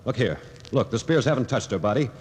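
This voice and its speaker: An actor playing a steady, commanding expedition captain who also narrates, in a 1940s radio drama. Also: male voice, mid-range voice, fairly quick, natural voice. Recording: old radio broadcast with hall reverb.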